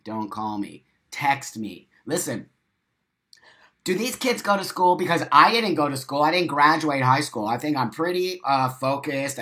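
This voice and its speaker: This is a livestream host mid-rant, unscripted and profane, talking fast at a medium pitch. He reads viewers' comments aloud, hammers points by repeating them, and shifts between loud eruptions and soft asides.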